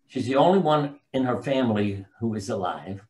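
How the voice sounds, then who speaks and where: A mid-range, slightly mellow voice moves at normal speed with plenty of animation. It belongs to an older physician and author who, as a guest in an easygoing interview, rambles through anecdotes and loses hold of names now and then.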